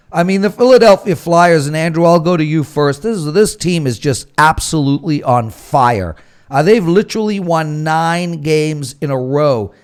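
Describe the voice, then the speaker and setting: A man hosting a sports betting panel, ranting and pitching picks with big swings in loudness. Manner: animated ranting, swings loud and quiet. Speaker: show host.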